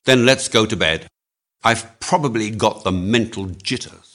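Guy doing a cool shrewd gent, low voice, dry and quiet, storybook read. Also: measured pace. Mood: calm. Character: shrewd, calm English gentleman hero.

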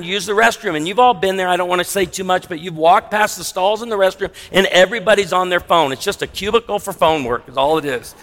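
A man's voice: sits high, fairly bright tone. A man preaching a sermon as pastor, conversational with humorous asides. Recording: long hall reverb.

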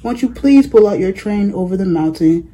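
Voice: mid-range voice, lively intonation, moderate pace, mellow, natural voice, low-quality recording. A reader voicing a group of dolls and toys in a storybook, begging for help. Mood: pleading. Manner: pleading. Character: chorus of pleading dolls and toys.

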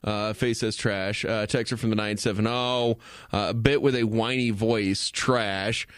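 A man's voice: lowish voice, fairly even intonation, moderate pace, clean tone, no room sound. Male radio co-host, easygoing banter, reads texts, dry close studio sound. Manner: laughs often, reads listener texts. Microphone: studio microphone.

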